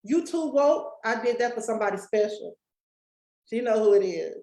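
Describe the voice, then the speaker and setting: A woman's voice: on the high side, expressive, normal speed, mellow, echoey room, poor audio. A woman giving a folksy motivational talk to a live and online audience, speaking straight to the crowd. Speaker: summit speaker and coach.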